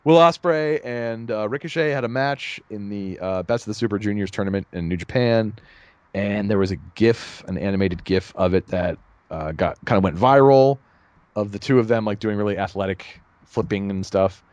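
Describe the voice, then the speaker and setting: Male co-host, casual rambling chat, low-ish voice, dead dry recording. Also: moderate pace, no echo. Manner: rambling, animated, laughs at own jokes. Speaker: podcast co-host.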